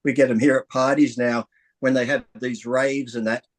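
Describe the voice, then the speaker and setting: A man chatting casually on a podcast, relaxed and joking. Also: medium pitch, normal speed. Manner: relaxed, joking, laughs easily.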